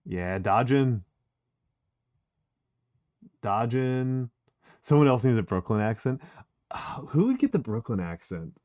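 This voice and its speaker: A man's voice: medium pitch, big pitch swings, slow pace, long pauses, darkish tone. A man streaming a video game, chatting casually, rambling and self-deprecating, swearing freely. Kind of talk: casual gameplay chat.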